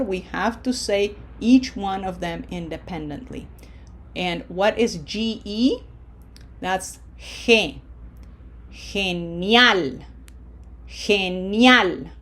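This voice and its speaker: A woman teaches Spanish word stress at a deliberately unhurried pace. She draws each example word out slowly and coaches the learner with short asides between drills. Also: mid-range voice, darkish tone. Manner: slow, drawn-out modeling of Spanish words with coaching asides. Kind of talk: language lesson.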